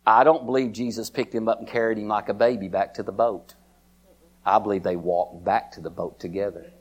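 Male preacher, folksy, repetitive, climbs to high excited pitch. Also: brisk. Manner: addresses listeners by name. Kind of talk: sermon.

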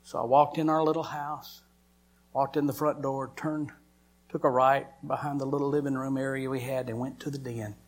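A man, a preacher giving an emotional sermon testimony and swinging from loud lines to hushed whispers. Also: medium pitch, level tone, moderate pace.

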